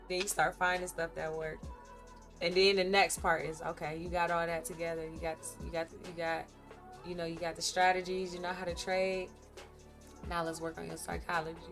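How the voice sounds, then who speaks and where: A woman livestreaming her day trading, chatting candidly and animatedly with viewers about her ups and downs. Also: on the low side. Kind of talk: casual live-stream chat while trading.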